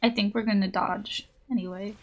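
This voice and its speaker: A young woman streaming a game, chatting casually with her viewers; her voice is raspy and hoarse from just waking up, and she giggles often. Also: medium pitch, steady tone, normal speed. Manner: bubbly, giggly, playful. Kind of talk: casual live-stream chat.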